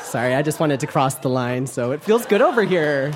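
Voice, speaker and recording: Young man, stand-up set, campy and animated, live club mic, audience laughing behind. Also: a little high, brisk, background noise. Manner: animated, campy, playful asides to the crowd. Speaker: stand-up comedian. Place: live comedy club stage. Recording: live club recording with crowd.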